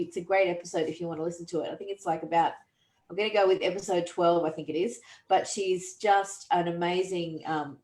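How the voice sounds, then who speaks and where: A woman's voice: fairly low pitch, darkish tone. A woman, a podcast host and coach, talking earnestly and reflectively with frequent restarts. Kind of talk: conversational coaching talk. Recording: roomy echo.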